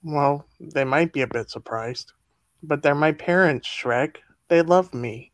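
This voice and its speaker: A woman's voice: sits low, a little slow, dry recording. A woman voicing a spirited young princess wife in a fan dub, patient and coaxing. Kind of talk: fan dub of an animated film.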